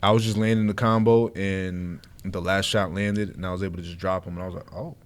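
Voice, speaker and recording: A man with a low voice chats on a podcast, asking about knockouts and recalling his own. He keeps it slangy and loose, with quick reactions. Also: level tone, clean tone. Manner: short reactions and slang-heavy remarks. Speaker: podcast co-host and fighter. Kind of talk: casual podcast chat.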